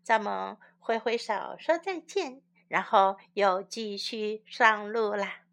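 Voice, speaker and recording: A woman hosting a bilingual children's English lesson, explaining and coaxing gently. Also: medium pitch, slow pace, vocal fry. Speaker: host and English teacher for children.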